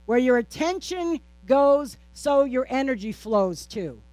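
With a sermon's steady, repeating cadence, a woman pastor throws out rhetorical questions and jokes playfully about herself. Her voice sits high and her pace is slow, without any room sound.

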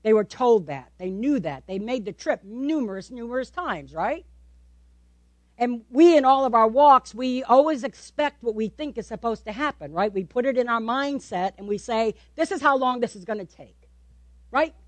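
A woman preaching a sermon, animated, repeating words for emphasis and asking the listeners questions. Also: a little high, normal speed, no echo.

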